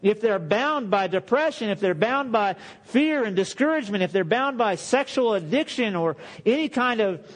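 High-voiced man preaching a casual sermon. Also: expressive, moderate pace, hardly any pauses. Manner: conversational, acts out quoted voices, laughs often.

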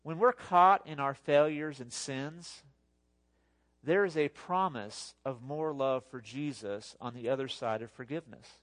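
Male pastor, sermon, chatty and animated, mid-pitched. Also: unhurried. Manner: conversational, animated preaching with asides.

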